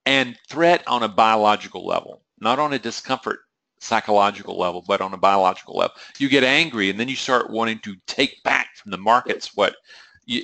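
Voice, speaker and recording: A man's voice: fairly low pitch, gravelly, pushed and bright, no echo. A man giving a webinar lecture on trading psychology, conversational and questioning the audience, now and then acting out a trader's inner voice.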